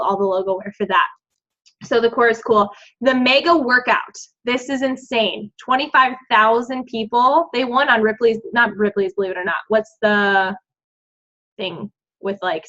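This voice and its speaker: A woman's voice: medium pitch, pushed and bright. A woman giving her team an encouraging, chatty pep talk, full of "like" and "um". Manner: bubbly and encouraging, lots of "like" and "um". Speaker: team coach leading a group call. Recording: dull lo-fi sound.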